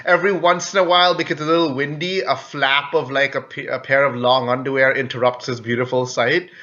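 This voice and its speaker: A man's voice: mid-range voice, fairly even intonation, a little fast, bright, forceful tone. A man narrating a tabletop game as game master, telling the story with animation and laughing easily. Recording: slightly dull, lo-fi recording.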